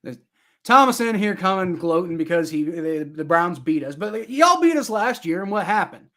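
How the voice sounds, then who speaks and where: A man's voice: high-pitched, very animated, normal speed, fairly bright tone. Chatty man doing live game reaction. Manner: rambling, chatty, talks back to viewer comments. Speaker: live-stream sports reaction host. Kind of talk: casual live play-by-play and chat reaction.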